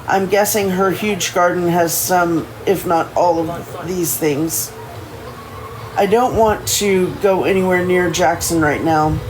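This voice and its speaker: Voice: mid-range voice, poor audio. A streamer reading a first-person novel aloud on a livestream, often stumbling and correcting themselves.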